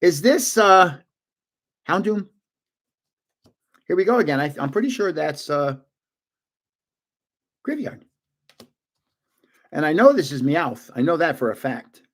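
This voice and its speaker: An older man casually opening trading cards on a live stream, chatty and excitable, guessing aloud and laughing often. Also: on the high side, moderate pace, long pauses. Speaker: card-opening vlogger.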